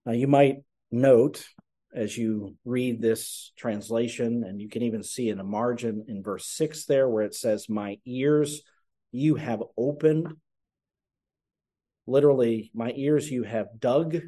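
Mellow-voiced man preaching a sermon. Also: mid-range voice, slow. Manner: earnest, explanatory preaching with rhetorical questions. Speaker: pastor.

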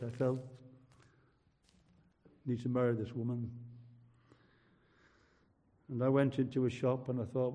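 An older man from England preaching a fervent sermon, with rising emphasis and dramatic pauses. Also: mid-range voice, mellow, in a large hall.

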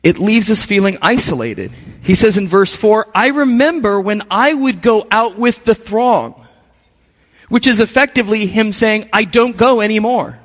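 A man's voice: sits high, animated, normal speed, fairly bright tone, big-room sound. A man preaching a sermon, speaking conversationally and making asides to the congregation. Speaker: pastor.

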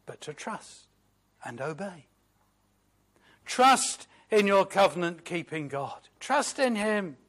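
A man preaching a sermon, slow and emphatic, moving from loud declarations to hushed, reflective asides. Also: high-pitched, sing-song. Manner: quotes hymn lines in a reflective voice.

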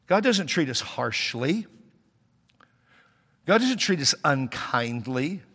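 A man's voice: on the high side, lively intonation, unhurried, fairly bright tone. A man, a pastor, preaching a sermon in a conversational way, with humor and sudden emphatic rises. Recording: long hall reverb.

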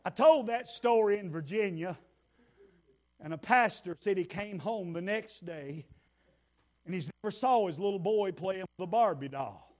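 A male preacher, telling a folksy, humorous story in a sermon and building to shouted praise. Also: high voice, animated, normal speed.

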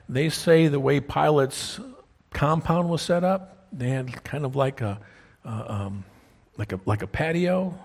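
A man with a husky voice preaches a sermon in a church, talking through a story with his congregation. He often checks in with them as he goes, asking whether they are following along. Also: medium pitch, darkish tone. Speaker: pastor. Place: church sanctuary. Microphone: wears a clip-on mic.

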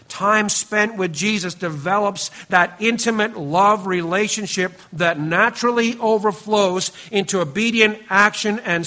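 A man preaching a sermon to his congregation, earnest and emphatic, often dropping to a quieter, lower voice and addressing listeners by name. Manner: speaks directly to the congregation, teasing members by name. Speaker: pastor.

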